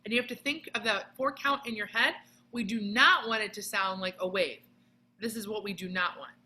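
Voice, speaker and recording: A woman teaching a children's music lesson on video, explaining each step patiently and clearly with sung demonstrations. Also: mid-range voice, normal speed, poor audio.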